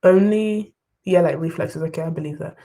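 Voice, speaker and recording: A young woman streaming herself studying live, thinking aloud through exam questions and chatting excitedly to her viewers. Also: deep voice, normal speed. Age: young adult. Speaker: study vlogger. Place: bedroom desk, wrapped in blankets.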